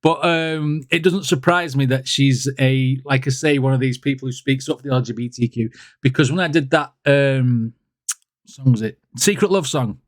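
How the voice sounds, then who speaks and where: A man's voice: medium pitch, normal speed, no room sound, studio quality. A man hosting a music reaction video, chatting casually and rambling, with lots of fillers.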